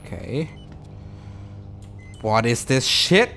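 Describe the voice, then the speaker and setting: A man commentating a horror game as he plays it, excitable and profane, talking to himself and to the game. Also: mid-range voice, a little slow, a little hiss or hum. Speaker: gameplay commentator.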